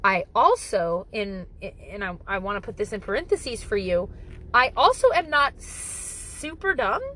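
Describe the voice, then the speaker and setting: A woman's voice: medium pitch, animated, unhurried, sharp tone, a little hiss or hum, low-quality recording. A woman talking casually to camera with parenting advice, blunt and profane, joking and exaggerating as she goes.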